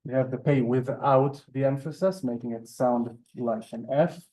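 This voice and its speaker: A man's voice: mid-range voice, fairly even intonation, normal speed, mellow. A man teaching a language class in a classroom. He explains patiently and step by step, and often checks that the class is following. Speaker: Hebrew teacher. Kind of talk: classroom lesson.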